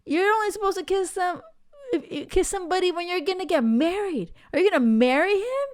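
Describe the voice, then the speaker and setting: A bossy older brother, put on by a woman scolds in a high, strained voice that climbs well above her usual one. The words come fast and insistent. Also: expressive. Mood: scolding. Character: stern older brother, teenage boy.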